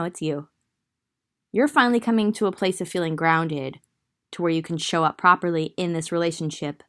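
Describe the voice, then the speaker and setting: Rambling Southern woman reading tarot. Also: lowish voice. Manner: rambling, thinks aloud with many fillers. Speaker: tarot reader.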